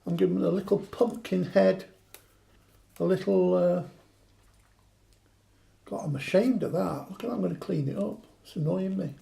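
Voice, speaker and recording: A man's voice: sits high, moderate pace, creaky, pauses often, mellow. A man chatting through a craft demonstration, joking and poking fun at himself. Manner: joking, self-mocking banter.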